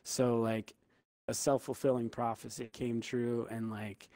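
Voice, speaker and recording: A man's voice: medium pitch, flat delivery, measured pace, a little mellow, no room sound. A young man casually telling a story among friends, loose and profane, full of "like.". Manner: loose and profane, heavy use of "like".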